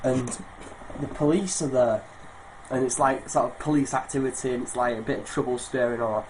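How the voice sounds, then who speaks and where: A man's voice: mid-range voice, fairly even intonation, fairly quick. A young man, co-hosting a casual podcast and telling a rambling, laughing anecdote with lots of swearing. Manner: rambling, laughs through his own anecdote, swears freely. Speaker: podcast co-host. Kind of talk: casual chat, storytelling. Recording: noisy home recording.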